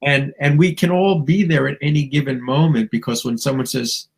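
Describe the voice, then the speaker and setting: A man talks through spiritual ideas in a slow, musing way, with chuckles and playful asides. His voice is gravelly and rough, with a breathy, husky edge. He sounds like a guest teacher on a talk show. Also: medium pitch, a little mellow, rough recording.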